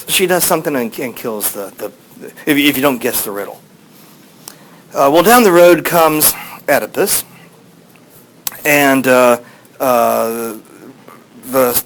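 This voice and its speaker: A male teacher tells an ancient story to his class in an easy, rambling way, full of fillers and asides. His voice sits at a middle pitch. A faint hiss runs underneath. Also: low-quality recording.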